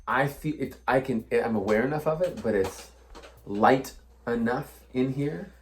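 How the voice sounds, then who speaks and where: A man's voice: medium pitch, a little slow, slight background noise. A man co-hosting a casual beer review, rambling and searching for words as he describes what he tastes. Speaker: co-host of a beer review show. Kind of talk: casual chat.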